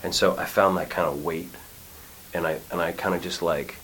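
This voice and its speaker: Deep, low middle-aged actor, animated interview storyteller; faint hiss. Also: male voice, normal speed, low-quality recording. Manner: animated, acts out quotes, lots of restarts. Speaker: actor and acting teacher. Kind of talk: casual interview conversation. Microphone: studio mic.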